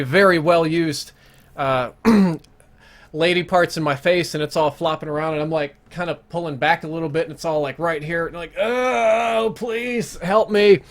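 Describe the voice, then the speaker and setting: A man's voice: fairly high pitch, a bit bright. Rambling crude male game streamer. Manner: rambling, crude, self-interrupting. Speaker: gaming streamer. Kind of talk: casual storytelling over live gameplay.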